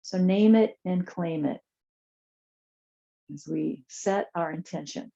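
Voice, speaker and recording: Woman yoga teacher, low mellow voice, calm soothing cues, slightly muffled recording. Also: slow pace, creaky. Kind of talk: guided chair yoga class.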